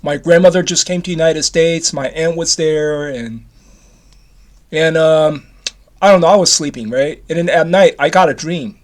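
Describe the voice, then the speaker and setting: High-voiced rambling man in his fifties. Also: moderate pace. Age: 50s. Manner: repetitive, restarts often, casual swearing. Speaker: vlogger. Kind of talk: rambling personal story to camera.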